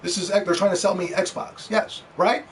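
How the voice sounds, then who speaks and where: A gaming commentator rants in a vlog about video games, heated, profane, and mocking, in a high-pitched voice with a steady tone at normal speed. The mic is distant, picking up faint background noise.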